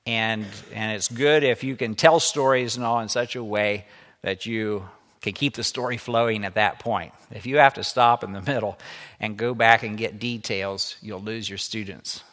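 A man's voice: on the low side, fairly bright tone. A man teaching a lesson, reading a children's story aloud and stopping to explain it. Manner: explanatory, stops to comment. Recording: echoey room with long reverb.

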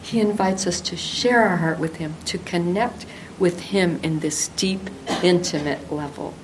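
A woman's voice: lowish voice, measured pace, background noise. An older woman teaching the Bible to women in an earnest, affectionate devotional talk.

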